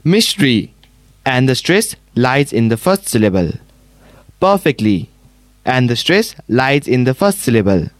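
Guy student reading out his answers, dry close sound, pitch moves around. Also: a little slow, no echo. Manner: steady, repetitive recitation. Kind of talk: reciting answers in class.

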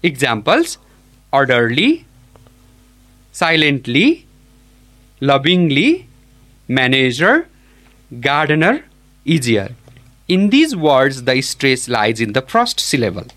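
Slow, deliberate male teacher. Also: medium pitch, huge pitch swings, fairly bright tone. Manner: slow, deliberate, models each word aloud. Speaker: English teacher. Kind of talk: classroom pronunciation lesson.

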